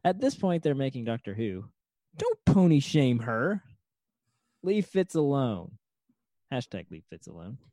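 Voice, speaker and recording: Wry mellow-voiced male co-host. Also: medium pitch, wildly swooping pitch, a little slow, pauses often, no echo, studio quality. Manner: wry, reads listener titles aloud. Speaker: podcast co-host. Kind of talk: casual chat.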